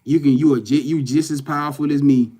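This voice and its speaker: A man's voice: fairly high pitch, fairly even intonation, fairly quick, warm tone. A man, talking loosely to livestream viewers as a spiritual reader, swearing and often saying "you know what I'm saying". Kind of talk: casual livestream talk to viewers. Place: in front of a camera at home.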